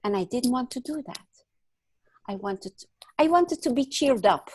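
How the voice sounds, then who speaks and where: A woman's voice: a little high, lively intonation, measured pace, breathy edge, no room sound. A woman in her thirties, a guest in an interview, telling a personal story in an earnest, reflective way with many fillers.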